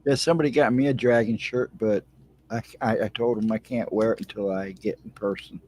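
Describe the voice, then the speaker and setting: Laid-back man with a husky voice. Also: fairly low pitch, fairly even intonation, brisk, darkish tone. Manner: brief, laid-back replies. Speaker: co-host guest. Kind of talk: casual chat.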